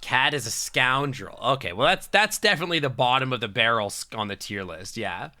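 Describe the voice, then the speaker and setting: A man's voice: medium pitch, animated, brisk, pushed and bright. A young man streaming a game, reading its text aloud and bantering crudely with chat, laughing often. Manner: playful, crude, laughs often, reads narration aloud between jokes.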